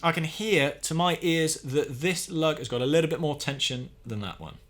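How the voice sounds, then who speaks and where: Calm man teaching drum tuning. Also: a little high, normal speed, loud music behind the voice. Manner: calm, methodical, talks while working. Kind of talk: hands-on tutorial demonstration.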